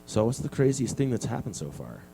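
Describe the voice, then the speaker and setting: A man hosting a casual radio interview, teasing his guest with deadpan jokes. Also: on the low side, brisk, gravelly, soft background music. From Utah, USA. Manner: joking, teasing, deadpan asides. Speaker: radio show host. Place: radio studio.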